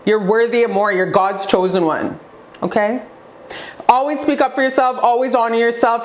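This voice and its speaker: A young woman giving a spiritual motivational talk to her viewers, emphatic and preachy, repeating phrases for effect in a forceful way of speaking. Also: on the high side, steady tone, moderate pace. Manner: forceful, says she talks aggressively. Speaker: vlogger.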